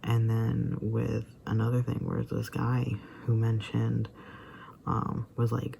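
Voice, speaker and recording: Man, gravelly voice, mellow dark tone, casual rambling vlog commentary, frequent fillers, near-whispered asides. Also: medium pitch, little pitch movement, a little slow, a little hiss or hum. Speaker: vlogger reacting to a video.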